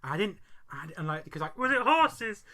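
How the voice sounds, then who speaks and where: A woman's voice: fairly low pitch, very animated, moderate pace, crowd noise, voice pushed up. A man voicing a chatty female primary school teacher with a breezy, playful manner. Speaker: teacher in a story.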